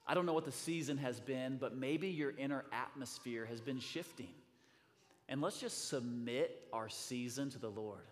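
A male pastor delivers a sermon at a mid pitch, talking casually and warming into fervent, rising preaching. His voice rings with a long reverb from a large church sanctuary. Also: normal speed. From US Midwest. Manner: conversational, then builds to fervent preaching.

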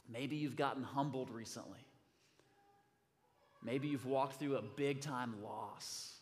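A man's voice: medium pitch, slow pace, long pauses. A man preaching a sermon as pastor, speaking conversationally and building to fervent preaching. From US Midwest. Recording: long hall reverb.

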